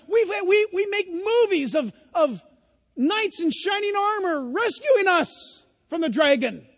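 A man's voice: very high-pitched, big-room sound. A male pastor preaching a sermon in a church, telling stories and asking the congregation questions. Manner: conversational storytelling, rhetorical questions to the congregation.

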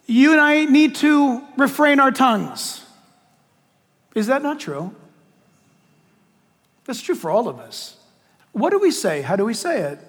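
A man preaching a sermon, telling stories in an animated way and acting out what people said. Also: very high voice, unhurried, long pauses, long reverb tail. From United States. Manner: animated storytelling, acts out quotes. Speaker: pastor.

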